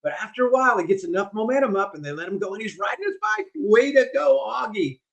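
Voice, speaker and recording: Older guy on a podcast, kinda high voice, super animated storytelling. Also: rapid-fire. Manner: animated storyteller, vivid delivery. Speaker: guest speaker. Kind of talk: podcast interview.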